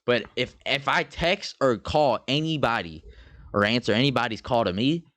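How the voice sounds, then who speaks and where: A young man co-hosting a podcast, telling a story in casual chat, animated and swearing freely as he acts out scenes. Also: medium pitch, normal speed, dry recording. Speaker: podcast co-host.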